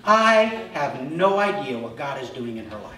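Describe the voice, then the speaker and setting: A middle-aged male pastor preaching a sermon, telling self-deprecating stories in an animated way. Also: medium pitch, normal speed, crowd noise. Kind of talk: sermon with humorous personal stories. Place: church sanctuary. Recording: echoey hall, mic from far off.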